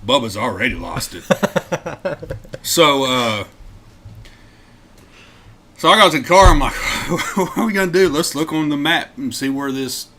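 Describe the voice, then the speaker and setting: Slow and prone to frequent pauses, a medium-pitched male podcast co-host narrates a road-trip story casually. He still brings it to life, loudly acting out quotes and laughing often.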